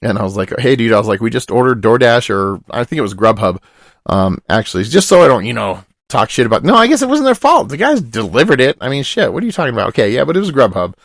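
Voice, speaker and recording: A man's voice: mid-range voice, very animated, fast, creaky, dry recording, studio quality. A young man telling a long rambling story on a podcast, swearing often and dropping his voice to quote other people. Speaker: podcast host. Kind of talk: casual storytelling.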